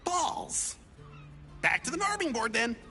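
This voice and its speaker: A high, bright, gravel-edged voice of a hapless young would-be adventurer, as a performer plays him in a video game. He is excitable and clumsy, fumbling for words, his pitch leaping up and down with unhurried delivery. Faint game music sits behind him. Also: full character voice. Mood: eager. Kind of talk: video game character dialogue.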